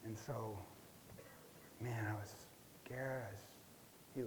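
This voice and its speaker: A man playing a stressed client in a counseling role-play, telling his story haltingly with many restarts and fillers. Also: mid-range voice, fairly even intonation, noisy background, natural voice. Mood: rattled. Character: stressed middle-aged man recounting a relapse.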